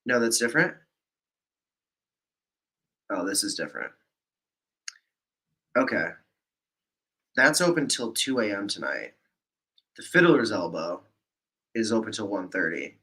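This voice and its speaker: A man's voice: lowish voice, very animated, measured pace, pauses often, bright, forceful tone. A man co-hosting a casual livestream, rambling and chatting easily from an indoor apartment. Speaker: livestream co-host.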